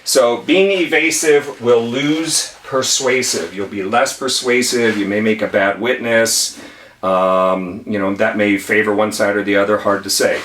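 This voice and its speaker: A man's voice: fairly low pitch, level tone, moderate pace, fairly bright tone, a little hiss or hum. Man teaching from a distance in an echoey room. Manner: emphatic, conversational, repeats key phrases. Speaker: attorney teaching legal tips. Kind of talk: whiteboard lesson. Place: room with whiteboard. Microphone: camera mic at a distance.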